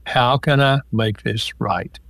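A man guest, an author and counselor, calmly explaining ideas step by step with examples in a relaxed interview. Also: mid-range voice, slow, creaky, no echo.

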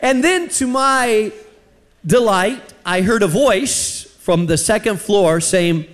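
A man's voice: high-pitched, slow pace, slight background noise. A man from the United States preaching a sermon, telling a personal story and acting out the voices in it. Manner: animated, acts out quoted voices.

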